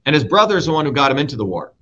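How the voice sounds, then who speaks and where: A man from India delivers a heated political rant with a bright, forceful edge, swearing freely and hammering his points with repetition. His voice sits a little high for a man, and the audio sounds somewhat dull and lo-fi. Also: sing-song, very fast. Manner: profane, emphatic, repeats key words. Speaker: show host and guest speaker.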